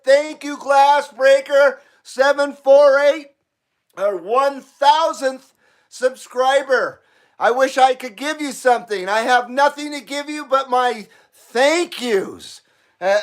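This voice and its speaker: A man hosting his own live stream, excitable and out of breath, swearing freely and laughing between remarks. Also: extremely high pitch. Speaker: channel host. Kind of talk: casual live stream chat.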